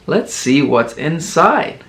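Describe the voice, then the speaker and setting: Male kids' entertainer and teacher; very slow, animated, encouraging delivery for toddlers. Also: on the high side. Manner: slow, exaggerated, encouraging sing-song for toddlers; playfully imitates animal sounds. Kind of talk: children's educational video.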